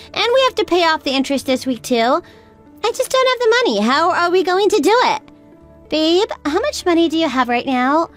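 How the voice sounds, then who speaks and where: A woman's voice: extremely high pitch, big pitch swings, moderate pace, faint music behind. A woman voicing a stressed young mother who pleads and sounds upset. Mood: distressed.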